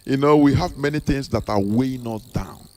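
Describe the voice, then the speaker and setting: A man's voice: medium pitch, moderate pace, darkish tone. A man with a Nigerian accent giving an impassioned monologue, repeating rhetorical questions with emphatic, preachy delivery. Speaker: activist speaker.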